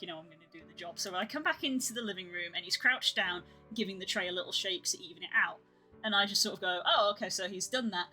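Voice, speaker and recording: A woman hosting a live stream, chatting casually and telling an animated story with swearing and laughter. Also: medium pitch, poor audio. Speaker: streamer host. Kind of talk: casual chat.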